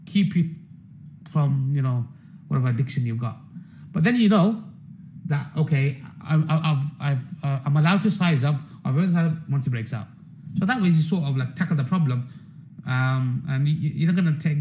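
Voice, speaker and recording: Man, casual profane rant, rambling, repeats words, slightly high voice, mellow dark tone. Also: fairly quick, low-quality recording. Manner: rambling, swearing, repeats himself. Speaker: trader hosting a members' market stream.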